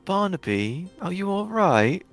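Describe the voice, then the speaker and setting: A man playing a towering male orc city guard who talks in a courteous, measured and mildly stern way. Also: sits high, sing-song, creaky, soft background music, voice pushed up, heavily acted.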